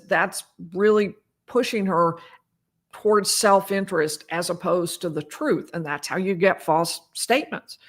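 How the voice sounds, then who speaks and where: A woman lawyer giving casual commentary on a criminal trial, talking in a conversational way and quoting interrogation testimony with animated emphasis. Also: mid-range voice.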